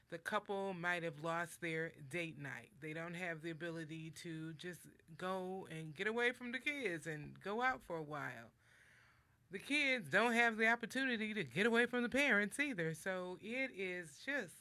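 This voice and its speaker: A woman hosting a motivational talk show, speaking deliberately, leading breathing exercises and acting out words in different tones for emphasis. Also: fairly low pitch, sharp tone. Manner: slow, deliberate, guides listeners through breathing. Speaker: host.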